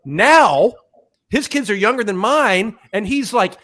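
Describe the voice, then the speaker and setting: A comedian in his fifties, a guest chatting casually and telling animated stories with quoted asides. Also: high voice, measured pace. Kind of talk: casual chat.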